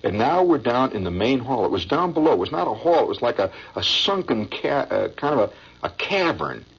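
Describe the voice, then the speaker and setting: A man's voice: medium pitch, big pitch swings, fairly quick, creaky, husky, lo-fi sound. An older man from Indiana telling a personal story in a rambling, hesitant way, with many restarts. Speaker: veteran recounting a memory.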